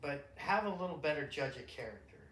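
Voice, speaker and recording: Middle-aged man, podcast dad, high bright voice, profane animated storyteller, roomy echo. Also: brisk, slight background noise. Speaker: podcast co-host, father. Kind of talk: casual chat.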